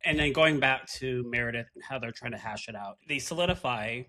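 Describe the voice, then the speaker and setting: A man's voice: medium pitch, fairly quick, bright, forceful tone. A man co-hosting a podcast, recapping a reality show in a casual, emphatic and opinionated way. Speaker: podcast co-host.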